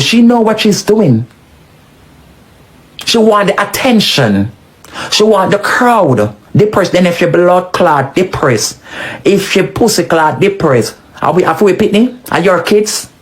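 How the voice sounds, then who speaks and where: A woman's voice: animated, unhurried. Scolding Jamaican woman in patois. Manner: scolding, emphatic, swings pitch widely. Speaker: social media commentator. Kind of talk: animated patois commentary.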